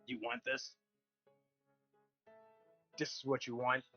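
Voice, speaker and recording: A man voicing his warrior character, pleading earnestly and demanding answers in a slow, steady way. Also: mid-range voice, lo-fi sound, soft background music, pitched above the performer's own voice. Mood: hurt, pleading.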